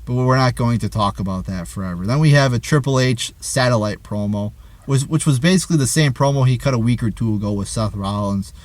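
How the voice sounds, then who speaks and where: A man tears into a wrestling show in a heated, foul-mouthed rant. He stumbles and repeats himself as the words pile up. His voice sits at an ordinary middle pitch, recorded dry with no room sound. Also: a little fast, no echo. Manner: angry, swearing, stammers and repeats words. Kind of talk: profane review rant.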